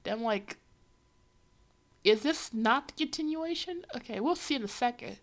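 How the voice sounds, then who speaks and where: A woman's voice: fairly high pitch, expressive, unhurried. A woman livestreaming as she reads a comic, giving a rambling, wry running commentary full of fillers. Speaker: livestreamer reading a comic aloud.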